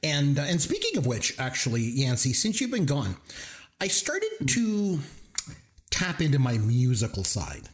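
Playful middle-aged man with a lively voice. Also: mid-range voice, unhurried. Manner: jokey, playful, tells dad jokes. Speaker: podcast co-host. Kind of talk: casual chat.

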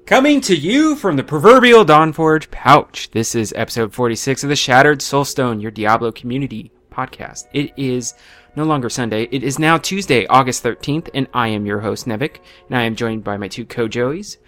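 A man's voice: medium pitch, brisk, a bit bright, soft background music. A man hosting a gaming podcast, chatting in an upbeat, joking way. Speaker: podcast host. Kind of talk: casual podcast chat.

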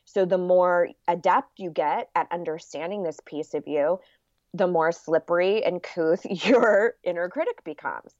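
A woman speaks in a fairly low voice, earnest and explanatory, as a guest in a casual interview. The recording sounds dull and lo-fi, and the room is dry with no echo. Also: a little slow. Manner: earnest and explanatory, acts out quoted inner voices.

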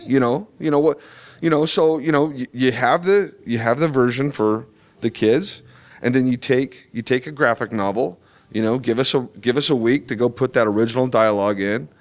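Rambling, emphatic male comic artist. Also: medium pitch. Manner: rambling, many restarts and "you know" fillers; animated, emphatic asides. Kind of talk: convention interview chat.

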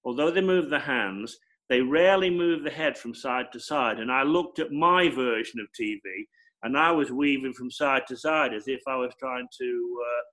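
A man who works as a television presenter, explaining his craft in an emphatic, animated way during an interview. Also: medium pitch, normal speed, rough recording. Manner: animated, emphatic storytelling with repeated phrases. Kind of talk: conversational interview answers.

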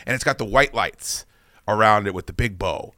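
A man hosting a podcast, telling rambling, profane anecdotes in a casual, animated way. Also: fairly low pitch, normal speed, no room sound, studio quality. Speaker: podcast host. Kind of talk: casual storytelling chat.

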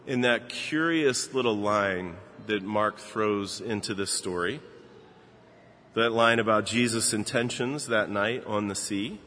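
A man in his fifties, a pastor giving a sermon and telling a personal story in a relaxed, conversational way with frequent fillers. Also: lowish voice, slight background noise. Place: church sanctuary. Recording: long reverb of a large hall.

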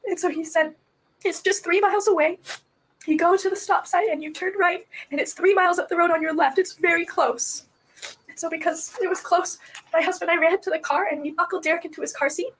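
A very high-pitched woman speaks in a recorded police interview. She is distraught and soft-spoken, and her voice keeps cracking with tears as she recounts what happened. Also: steady tone, brisk, rough recording. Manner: soft-voiced, quiet when upset. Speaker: mother being questioned by police.

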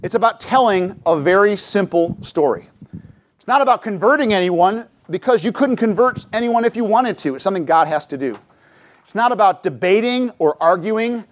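Lively middle-aged man telling church stories. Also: sits high, moderate pace. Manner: lively storytelling, acts out his own quotes. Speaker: church speaker. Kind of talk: church talk with personal stories.

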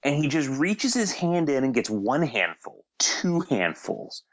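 A man telling a funny anecdote in casual conversation, animated and laughing as he goes, acting out the people in it. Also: mid-range voice, unhurried, no echo. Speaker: guest telling a story. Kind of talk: casual storytelling on a podcast.

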